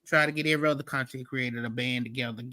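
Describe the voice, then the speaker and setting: A woman's voice: a bass voice, steady tone, rapid-fire, sharp tone, dry recording. A woman co-hosting a casual chat, blunt and emphatic. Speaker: podcast co-host.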